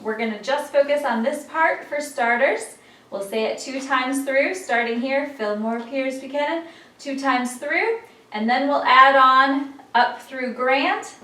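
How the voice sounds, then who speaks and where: A woman teaching a memory lesson in a patient, encouraging way, guiding listeners through a rhythmic chant. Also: a little high. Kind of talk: classroom-style lesson. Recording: echoey room, distant mic, loud background noise.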